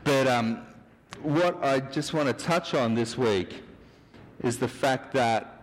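A man delivers a casual, rambling sermon, mixing in jokes. His voice sits at an ordinary pitch. A long hall reverb hangs behind every phrase. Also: slow. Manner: relaxed, rambling, chatty. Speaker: preacher. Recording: hall reverb with a mic hum.

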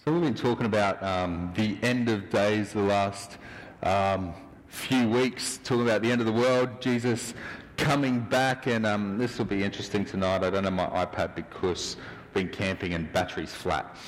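A man giving a relaxed, rambling sermon, chatty and joking with his listeners. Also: on the low side, moderate pace. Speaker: preacher. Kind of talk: casual sermon with jokes. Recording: hall reverb with a mic hum.

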